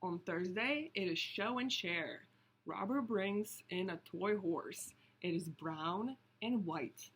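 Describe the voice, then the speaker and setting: A woman reading a picture book aloud, slow and deliberate, stopping to point out the pictures. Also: fairly low pitch, a little hiss or hum. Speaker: storybook reader.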